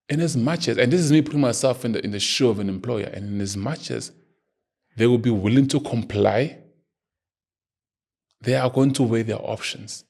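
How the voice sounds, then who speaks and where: Gravelly-voiced man giving commentary. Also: medium pitch, moderate pace, long pauses, darkish tone. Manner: earnest, emphatic, argumentative. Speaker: podcast host. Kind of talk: opinion commentary.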